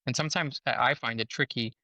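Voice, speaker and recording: A man's voice: medium pitch, quick pace, sharp tone, dry recording. A man, a surgeon guest on a podcast, explaining things in a patient, educational way.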